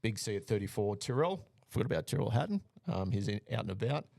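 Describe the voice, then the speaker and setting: Gravelly low-voiced man. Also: fast talker, no echo, studio quality. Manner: relaxed, rattles through names and odds with fillers. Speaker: podcast co-host giving betting picks. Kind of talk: casual podcast chat.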